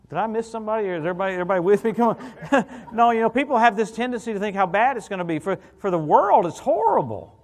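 A middle-aged man preaching an evangelical sermon as a guest minister, animated and joking, often calling out "hallelujah" and "come on". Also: high-pitched, fast talker.

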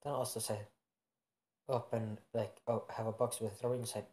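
A man's voice: fairly low pitch, level tone, normal speed, a little mellow. A young man improvising a fan-fiction story, rambling and often correcting himself with many fillers.

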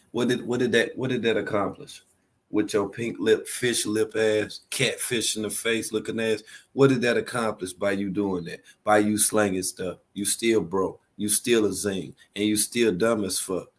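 A man's voice: on the low side, steady tone, normal speed. A man hosting a stream and mockingly roasting someone, with scornful insults and laughter at his own jokes.

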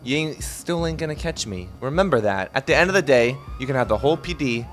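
Excitable young man, bright lively voice. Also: mid-range voice, fast, soft background music. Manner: excitable, jokey, talks to himself while driving. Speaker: streamer playing a robber. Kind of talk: gameplay commentary with role-play.

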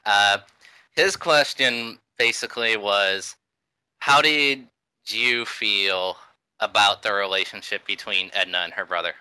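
A man's voice: on the low side, a little slow, bright, forceful tone, clean tone, dry recording, poor audio. A man hosting a podcast interview, laid-back and laughing, with lots of fillers. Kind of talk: casual interview chat.

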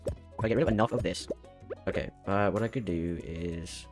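A man's voice: sits low, moderate pace, music in the background. A man streaming a farming game, chatting with viewers and muttering to himself. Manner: mumbles to himself, then shouts and laughs when surprised. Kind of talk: casual gameplay livestream chat.

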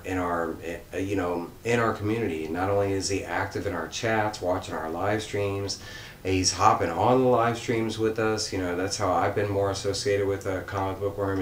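A man hosting a comics channel, giving an earnest, rambling vlog shoutout with lots of fillers and restarts. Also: moderate pace. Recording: roomy echo with faint rumble.

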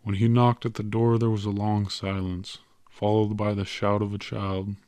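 Male audiobook narrator, low and flat, measured, dry close recording. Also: clean tone, dry recording. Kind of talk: scripted narration.

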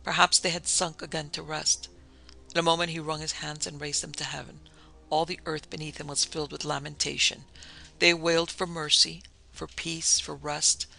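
A man narrating a gothic ghost story as a podcast host, in a measured, solemn reading style with a gravelly voice. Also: on the high side, flat delivery, pushed and bright, low-quality recording.

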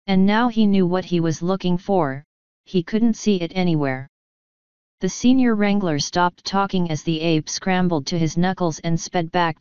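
Woman, audiobook narrator, lowish voice, very clear, dry and dull sound. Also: darkish tone, dry recording. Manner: reads all the characters herself with small shifts. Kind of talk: scripted narration.

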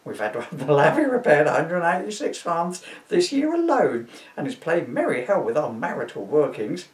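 A man's voice: a little high, huge pitch swings, normal speed, pitched above the performer's own voice. Gossipy moaning housewife put on by a man, roomy room, distant mic. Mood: grumbling. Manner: gossipy, indignant grumbling. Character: complaining bigoted housewife, working class.

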